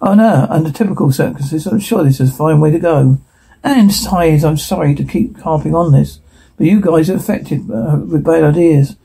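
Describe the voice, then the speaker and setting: A man's voice: fairly high pitch, moderate pace, gravelly, dark tone, breathy edge, poor audio. A man dubbing a whole scene alone, switching between characters and reading the sound cues aloud. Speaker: voice performer. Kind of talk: solo dub of a TV scene.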